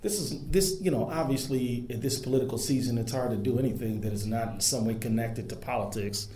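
A man's voice: medium pitch, brisk, warm tone. Earnest man speaking in an echoey room. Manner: earnest, emphatic speech. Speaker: speaker at an interfaith event. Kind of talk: public speech. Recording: echoey room with faint noise.

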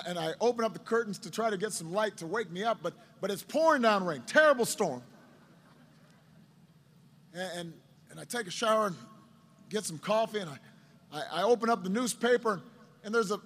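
High-voiced man telling a story to a crowd. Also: a bit bright. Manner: halting delivery with repeated words. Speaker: politician.

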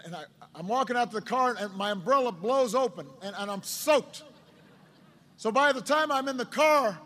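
A middle-aged man, a politician, telling a story in a speech to a crowd, with a halting delivery full of repeated words. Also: high voice, a bit bright.

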